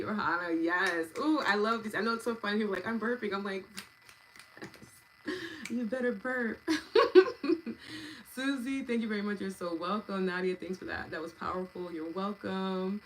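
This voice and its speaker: A woman in her thirties, a meditation and EFT practitioner, hosting a live wellness session and chatting warmly with viewers by name. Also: mid-range voice, fairly even intonation, brisk, a little hiss or hum, rough recording. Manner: gentle, affectionate and chatty, thanking viewers by name.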